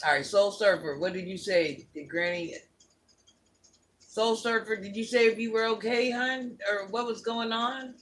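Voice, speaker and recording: A woman's voice: mid-range voice, a little slow, fairly bright tone, a little hiss or hum. An older woman hosting a casual livestream, bluntly scolding and answering viewer comments. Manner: sassy, scolding, blunt talk-back. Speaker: livestream host.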